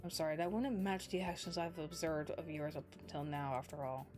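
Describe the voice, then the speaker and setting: A stern young man from a visual novel speaks in a low, subdued, matter-of-fact way, voiced by a woman reading his lines. His tone stays formal and blunt. Soft game music plays underneath. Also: fairly quick, natural voice.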